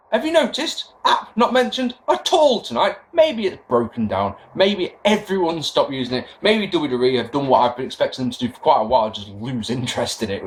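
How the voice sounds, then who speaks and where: A young man recapping a wrestling show in a casual, sarcastic rant, swearing as he goes. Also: a little high. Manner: sarcastic, swearing, animated rants. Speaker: wrestling podcast host.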